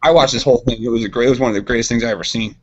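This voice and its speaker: A man co-hosting a podcast, telling a rambling story in casual chat, animated and laughing. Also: medium pitch, racing, a crowd in the background. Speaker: podcast co-host. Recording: dull lo-fi podcast audio.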